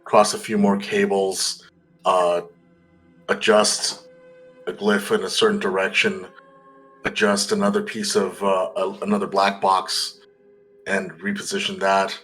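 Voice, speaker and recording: A man playing a tabletop game, describing his character's actions deliberately with many hesitations. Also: deep voice, completely flat delivery, fairly bright tone, soft background music, poor audio. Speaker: player.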